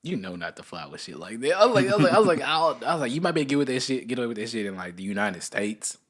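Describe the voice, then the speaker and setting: A man co-hosting a casual podcast, telling a long story and acting out the people in it by jumping up into a higher voice. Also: rapid-fire, slightly rough. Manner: animated storyteller, acts out quotes in a higher voice. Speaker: podcast co-host.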